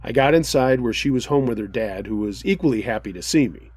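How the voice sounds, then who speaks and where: A man with a husky, mid-pitched voice reads a listener's true scary story aloud. His narration is earnest and dramatic, and the recording sounds dry and close. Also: expressive, brisk, a little mellow, no room sound. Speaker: host reading a listener's story.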